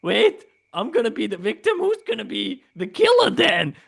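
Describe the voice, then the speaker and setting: A man's voice: high voice, moderate pace, creaky, husky. A man performing a one-minute improvised comedy scene, jumping between silly characters. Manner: animated, jumps between silly put-on characters.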